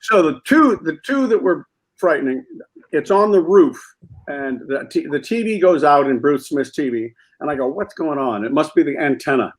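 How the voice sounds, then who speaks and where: Male guest, animated anecdote teller, slightly high voice. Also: moderate pace, poor audio. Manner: animated storyteller who acts out quotes. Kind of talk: comedic anecdote on a talk show.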